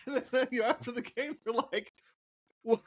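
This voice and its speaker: A man co-hosting a basketball podcast, telling stories in a rambling, animated way with lots of fillers. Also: very high-pitched, brisk. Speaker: podcast co-host. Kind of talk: casual chat.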